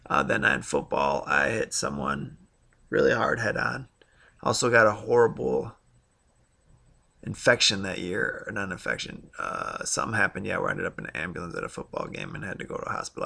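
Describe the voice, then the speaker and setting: A vlogger in his thirties rambles bluntly through his own experiences in a casual monologue full of fillers and asides. His fairly low voice has vocal fry and a sharp tone, and he talks briskly and very animatedly.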